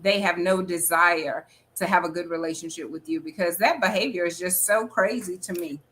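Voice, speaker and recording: A woman hosting an interview show, reacting openly and asking her guest questions in a casual, expressive way. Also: fairly low pitch, moderate pace. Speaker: host.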